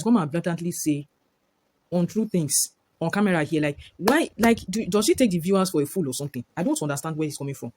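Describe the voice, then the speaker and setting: A man giving animated, exasperated commentary in a casual video review, leaning on "like" as he talks. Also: a little high. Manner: animated, exasperated, repeats "like" often. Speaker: reality TV reviewer.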